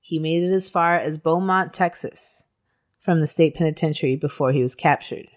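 A woman's voice: sits low, moderate pace. A woman co-hosting a podcast, telling a true-crime story in a casual way, with swearing and laughter. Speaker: podcast co-host.

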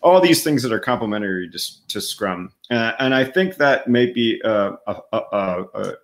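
A man with a fairly low voice, working through his thoughts in relaxed podcast chat. He stops often with ums and restarts, but keeps a steady, considered pace. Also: moderate pace. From United States. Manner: thoughtful, many fillers and restarts. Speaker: podcast co-host. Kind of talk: casual chat.

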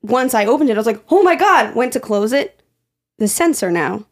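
Animated young woman, high voice. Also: fairly quick. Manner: animated storytelling, swears freely, voice jumps high when quoting. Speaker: podcast co-host. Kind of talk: casual chat.

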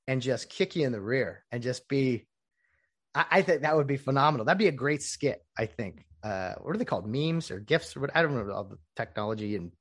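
A man's voice: mid-range voice, expressive, fairly quick, a bit bright. A man hosting a casual solo podcast. He is opinionated and rambling, with mocking asides. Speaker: podcast host.

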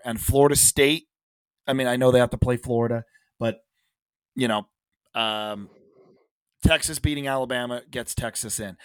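A man's voice: medium pitch, a bit bright, dry recording. A man co-hosting a casual sports podcast, talking emphatically, restarting phrases and dropping in frequent "all right"s. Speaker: podcast co-host.

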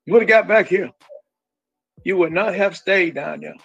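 A man's voice: high voice, normal speed, creaky, husky, no echo, lo-fi sound. A middle-aged man speaking as a grieving father, talking emphatically and repeating his points firmly. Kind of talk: emotional conversation.

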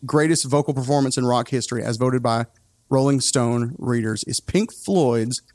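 A man hosting a casual music podcast. He talks in an opinionated, animated way and often breaks off his own sentences. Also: mid-range voice, moderate pace, dry recording, clean studio sound. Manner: opinionated, animated, self-interrupting. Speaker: podcast host.

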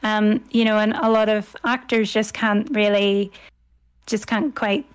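A woman's voice: mid-range voice, fairly even intonation, a little slow, smooth. A woman in her thirties with an Irish accent, a scholar speaking in a toned-down posh telephone voice as a podcast guest. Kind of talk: podcast conversation.

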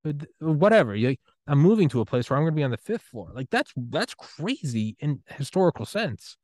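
A young man hosting a podcast, giving a rambling, excitable solo rant full of swearing and trailing restarts. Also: on the high side, brisk, dry recording, clean studio sound. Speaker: podcast host.

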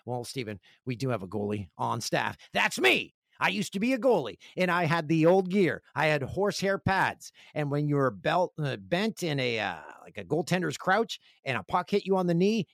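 A man's voice: mid-range voice, gravelly, no room sound, studio quality. A man hosting a podcast, a joking, rambling storyteller in casual chat. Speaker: podcast host.

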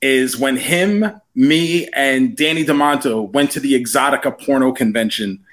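A young man from New York telling a story in casual chat, rambling and animated with lots of "like". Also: medium pitch, normal speed. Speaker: podcast storyteller.

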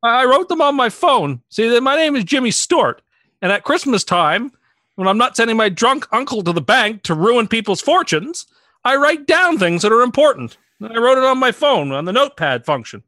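A man putting on a folksy old-time movie star who sounds eager and close to breathless. The voice jumps well above his normal register. The tone is bright and clear, and the recording is dry. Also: sing-song, normal speed, no room sound, exaggerated voice. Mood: excited. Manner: eager, high, breathless delivery. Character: excited, folksy, old-time film actor impression (man). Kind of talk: comic impression in casual chat.

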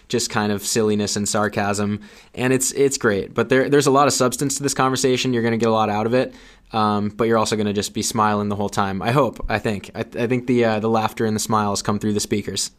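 Man, podcast co-host, casual chat, self-deprecating humor. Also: lowish voice. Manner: jokey, self-deprecating, loose.

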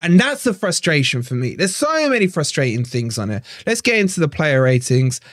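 A man's voice: fairly high pitch, very animated, fairly quick, fairly bright tone, no room sound, studio quality. A man hosting a fan channel live stream, ranting in frustration, swearing and repeating himself.

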